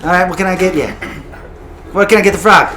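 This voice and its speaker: A man's voice: sits high, quick pace, bright, forceful tone, voice pushed up. A man voicing an odd, twitchy male barkeeper whose way of speaking keeps shifting. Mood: puzzled. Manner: erratic, shifting speech. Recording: echoey room, music behind.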